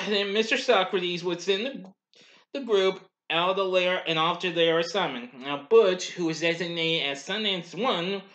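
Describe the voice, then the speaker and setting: Man, slightly high voice, bright and forceful, casual review, rambling asides. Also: lo-fi sound. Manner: rambling, heavy on "well" and "anyway" asides. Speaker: cartoon reviewer and host.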